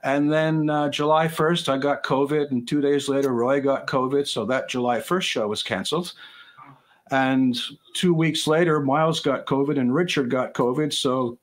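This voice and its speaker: A man from Canada chats on a video call as a guest. He rambles in a loose, self-deprecating way and jokes as he goes. His voice sits at an ordinary middle pitch. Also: normal speed. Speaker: guest musician. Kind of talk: casual interview chat.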